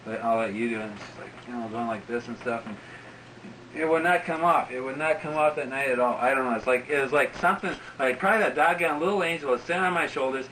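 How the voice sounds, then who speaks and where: A man's voice: mid-range voice, fast talker, a bit bright. A man in his forties telling a casual story in a rambling way, full of fillers and asides. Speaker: interviewee. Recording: distant mic with faint background noise.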